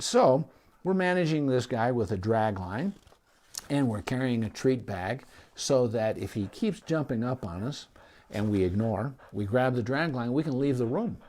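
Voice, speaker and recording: A man's voice: medium pitch, darkish tone. A middle-aged man, a veterinarian, explaining dog training in a folksy, casual way and often checking in with "okay?". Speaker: veterinarian giving dog behavior advice. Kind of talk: casual instructional talk to camera.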